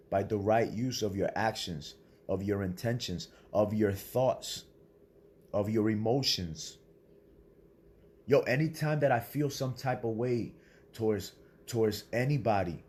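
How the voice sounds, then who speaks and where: A man's voice: lowish voice, darkish tone, breathy edge. A man delivering a blunt, profane motivational sermon, preaching in a confrontational way to other men and swearing freely. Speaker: self-styled spiritual speaker.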